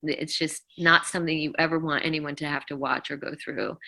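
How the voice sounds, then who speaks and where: Middle-aged woman guest, low and bright-toned, halting emotional storytelling. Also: steady tone, creaky. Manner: emotional, halting retelling with many fillers. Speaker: interview guest, former band vocalist. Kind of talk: casual interview storytelling.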